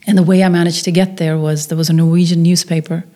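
Guesting on an interview, a Norwegian filmmaker in middle age animatedly recounts a story, performing the voices of those she quotes. She speaks quickly in a fairly low pitch.

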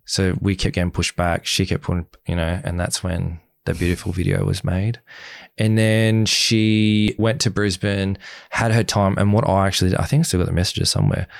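A young man, a podcast guest, telling his story candidly and quickly, acting out the back-and-forth of past conversations. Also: deep voice, vocal fry, no echo. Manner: fast, animated retelling, acts out quoted exchanges. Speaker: podcast guest, former reality show groom.

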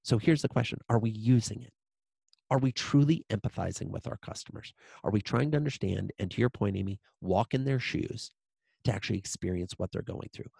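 A man's voice: lowish voice, brisk, vocal fry, mellow, husky, no echo. A man speaking as a guest in an interview, telling a story with emphasis and repeating short lines for weight.

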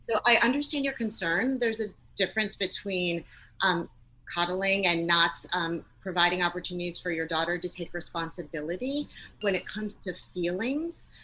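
Podcast guest, woman, thirties, parenting expert; bright tone, gentle soothing asides. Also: lowish voice, moderate pace, low-quality recording. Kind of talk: advice-giving podcast conversation.

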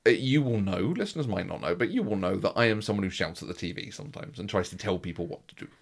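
A man's voice: low voice, animated, fast, gravelly. A man co-hosting a podcast, chatting casually in a rambling way with frequent restarts. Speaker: podcast co-host. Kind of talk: casual chat recapping a baking show.

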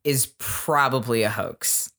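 A man hosting a podcast who tells a history story in loose, chatty fashion, filling pauses with ums. His voice sits at a middling pitch. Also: creaky, pushed and bright. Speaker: podcast host. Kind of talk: casual storytelling chat.

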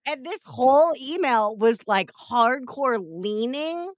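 A woman podcast host in her forties with a fairly high voice that swings widely as she tells stories. She acts out quoted messages in lively, animated bursts. The sound is dry and close. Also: slow pace, no echo. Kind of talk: casual chat.

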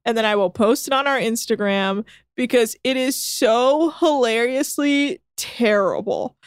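A woman co-hosting a podcast, recapping a show in casual chat with animated, sarcastic, profane storytelling. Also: on the high side, moderate pace, smooth, no room sound, studio quality. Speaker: podcast co-host.

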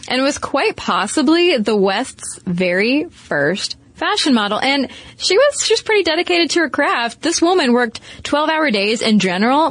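A woman's voice: on the high side, fairly bright tone, no room sound. Wry woman podcast host, dry close sound. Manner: wry, teasing asides. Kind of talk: casual conversational history chat.

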